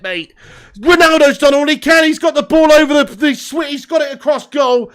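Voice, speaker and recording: A man hosting a live football watch-along with a voice pitched high for a man. He commentates excitably, swears freely, laughs often, and reads out viewer messages between bursts of play. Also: normal speed. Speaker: host.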